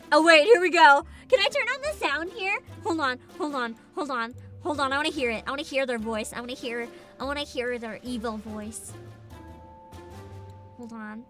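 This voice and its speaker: A woman streaming as a VTuber, ranting sarcastically in a casual livestream and laughing often. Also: high-pitched.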